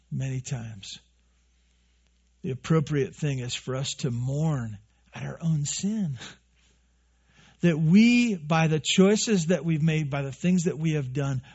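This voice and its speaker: Earnest preacher man, husky voice. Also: fairly high pitch, darkish tone, muffled recording. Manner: earnest, repeats phrases, acts out quoted listeners. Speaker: pastor. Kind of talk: sermon.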